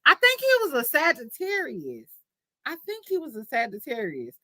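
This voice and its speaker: A young adult woman hosting a casual livestream chat, telling stories in a candid, profane, animated way. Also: sits high, normal speed, no echo. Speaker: livestream host.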